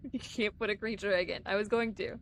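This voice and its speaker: A woman's voice: medium pitch, steady tone, brisk, vocal fry, a little hiss or hum. A woman streamer chatting casually with her viewers while playing a game live, giggling often. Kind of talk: live-streamed gameplay chat.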